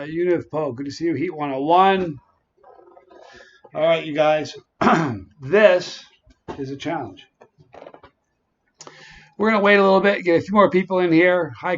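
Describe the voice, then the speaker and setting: Man, a touch high-voiced, chatty stream host, dull lo-fi audio. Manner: chatty, greets viewers by name. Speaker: livestream host. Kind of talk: casual livestream chat.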